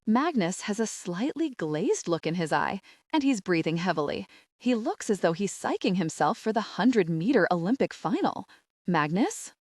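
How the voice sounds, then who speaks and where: A woman narrating a romantic comedy audiobook in the first person, animated and exasperated. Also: mid-range voice, normal speed, no room sound, studio quality.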